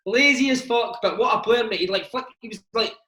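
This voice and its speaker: A man's voice: high voice, fairly quick, bright, forceful tone. A Scottish former footballer in his thirties, telling stories in casual chat, swearing freely and calling the listener mate. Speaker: former footballer, interview guest. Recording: roomy echo.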